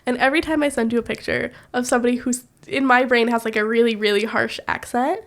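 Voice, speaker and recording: A woman's voice: a little high, fairly even intonation, fast, fairly bright tone. A woman co-hosting a podcast, chatting casually and telling stories with frequent giggles. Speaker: podcast co-host. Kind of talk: casual chat.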